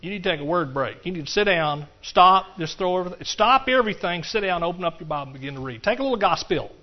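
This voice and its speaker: A middle-aged man, preaching a folksy, animated sermon to his congregation and often talking to them directly. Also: high-pitched, fast talker, muffled recording. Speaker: pastor.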